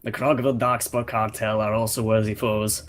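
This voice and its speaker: A man's voice: fairly low pitch, flat delivery, normal speed, lightly acted. Russian-accented Draken hunter, savage and boastful, menacing threats, fantasy game roleplay, a man putting it on, voice chat headset. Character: savage proud male Draken hunter warrior.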